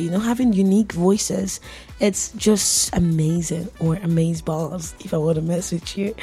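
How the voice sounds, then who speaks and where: A woman's voice: lowish voice, dark tone, slightly rough. A woman from Nigeria, hosting a casual radio tech show and chatting playfully with her listeners, laughing often. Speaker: radio host.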